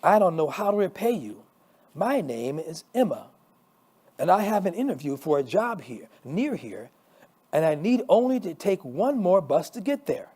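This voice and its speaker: A man's voice: high-pitched, very animated, moderate pace, breathy edge, full character voice. Emma, a humble old woman, read by a man. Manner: humble, soft-spoken. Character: elderly woman, humble, shy and cold.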